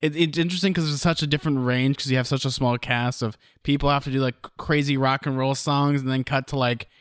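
A man's voice: mid-range voice, fairly even intonation, fast, smooth, dry recording. A man co-hosting a casual podcast chat, jumping in eagerly and finishing the other host's sentences. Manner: enthusiastic, chimes in and finishes sentences. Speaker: podcast co-host.

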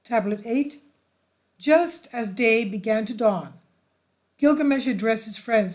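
A woman reading an ancient epic aloud in slow, measured recitation, with solemn repeated lists. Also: on the high side, expressive, darkish tone. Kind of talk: scripted narration.

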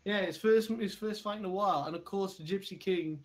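A young co-host in a casual podcast chat who keeps joking and giggling. Their voice sits at a middle pitch. Clear crowd noise carries behind it. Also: brisk.

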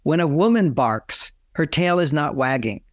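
An older man giving relationship advice through lively personal stories, often acting out both sides of a conversation. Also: on the high side, unhurried, dry recording, clean studio sound. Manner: animated storyteller, acts out dialogue. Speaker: relationship author and guest.

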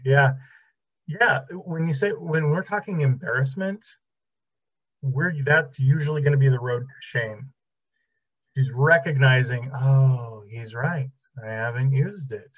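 Husky-voiced man teaching a class. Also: medium pitch, slow pace, muffled recording. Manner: conversational, acts out quoted dialogue. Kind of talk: casual lecture with anecdotes. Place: library classroom.

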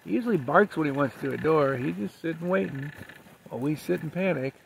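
A man's voice: a little high, animated, brisk, creaky. A man telling a casual story while walking his dog on a ranch, chatty and rambling. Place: outdoors on a rural ranch. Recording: noisy outdoor camera recording.

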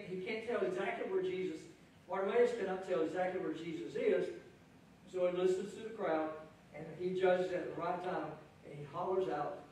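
A man preaching a sermon as pastor, lively, acting out the crowd's voices with a raised voice. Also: a little high, a little hiss or hum. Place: church sanctuary. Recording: echoey church hall from far off.

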